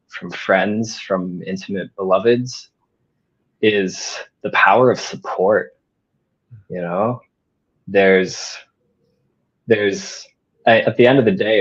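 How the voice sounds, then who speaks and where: A man on a discussion panel, speaking in a thoughtful, measured way. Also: low voice, breathy edge. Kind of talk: reflective discussion. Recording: dull lo-fi audio.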